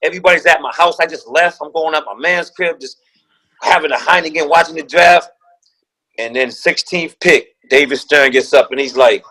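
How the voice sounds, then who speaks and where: A man's voice: fairly high pitch, moderate pace, pushed and bright, poor audio. A man guest telling a story with slang and profanity, acting out the quoted voices of other people. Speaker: guest, former pro basketball player. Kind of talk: animated storytelling.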